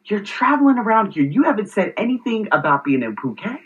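A man in his thirties from the United States, hosting his own show and telling a story in a casual vlog monologue, exasperated and animated. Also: high voice, a little fast, dull audio. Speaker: show host.

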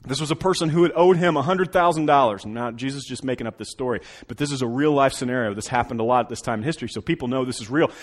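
Man, pastor, sermon, mid-pitched voice, dramatic storytelling, loud-to-hushed swings. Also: very fast, few pauses.

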